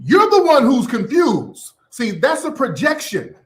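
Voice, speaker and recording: A man's voice: extremely high pitch, huge pitch swings, unhurried, a bit bright. An American man hosting a ranting commentary, sassy and profane, mocking people with pet names like sweetie and boo. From United States. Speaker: commentary channel host.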